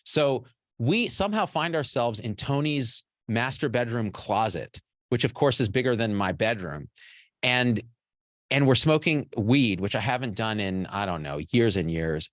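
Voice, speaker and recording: A man's voice: mid-range voice, big pitch swings, measured pace, fairly bright tone, dry recording, clean studio sound. A man in his forties, a physician and show host, telling a personal story to an audience in a candid, rambling and profane way. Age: 40s.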